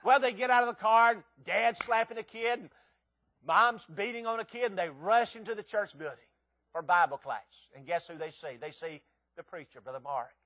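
A preacher delivers his sermon in a high, light voice. He reads scripture, then slips into a folksy, joking story and acts out the voices of the people in it. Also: normal speed, sharp tone.

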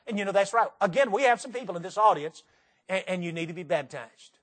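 A man with a Southern accent preaching a sermon in a church, earnest and repetitive, stressing key phrases slowly. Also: sits high, animated, a bit bright. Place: church sanctuary.

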